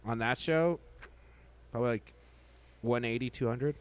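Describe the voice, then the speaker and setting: A man co-hosting a comedy podcast, chatting casually with low-key asides. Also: normal speed, clean tone. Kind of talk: casual chat.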